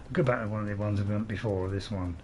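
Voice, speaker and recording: A man's voice: fairly low pitch, fairly even intonation, fast talker, noisy background. A man giving casual, rambling commentary while playing a game, chuckling to himself now and then. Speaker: gaming video host.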